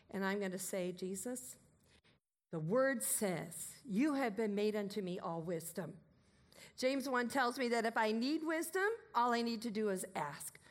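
A woman preaching a sermon, emphatic and commanding, moving between loud declarations and softer asides. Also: medium pitch.

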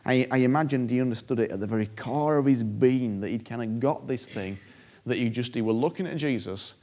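A male preacher with a mellow, medium-pitched voice delivers a sermon. He is emphatic, driving his points home by repeating key phrases and acting out prayers.

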